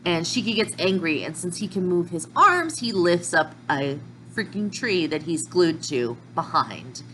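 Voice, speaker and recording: A woman casually recapping manga chapters in a chatty, excitable way, with slips and restarts. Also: fairly low pitch, unhurried, slight background noise, low-quality recording. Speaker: manga reviewer.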